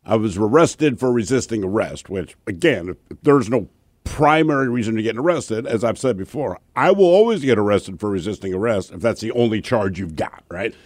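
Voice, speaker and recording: A man co-hosts a talk radio show and tells a story with lively swings in pitch, acting out the quotes in it. The studio sound is close and dry, with no room echo. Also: normal speed. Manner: animated, acts out shouted quotes in his anecdotes. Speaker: radio co-host.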